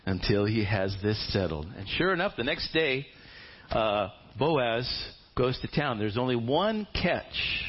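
A male pastor tells a story to his church in a casual, humorous and animated way. His voice sits in an ordinary middle pitch. The recording is dull and lo-fi. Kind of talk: sermon storytelling.

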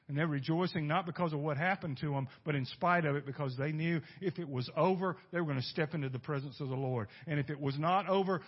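A husky-voiced male preacher whose tone sits a little high. He delivers a sermon in swings from loud bursts to near-whispers and keeps asking his listeners rhetorical questions. The recording is dull and lo-fi. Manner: emphatic preaching with sudden swings between loud and hushed; asks the congregation rhetorical questions. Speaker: pastor.

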